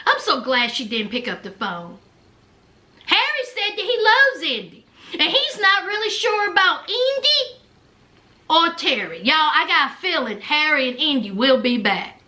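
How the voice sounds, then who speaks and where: A woman's voice: high voice, sing-song, unhurried, sharp tone. A woman giving a sassy, chatty recap of a reality TV show. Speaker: TV recap host.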